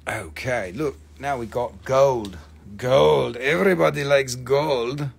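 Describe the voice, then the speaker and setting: His mid-range voice is slow, creaky, and edged with breathiness as he hosts a relaxed live stream selling minerals through a phone mic. Between jokes and the odd swear word, he spells out the names of the stones.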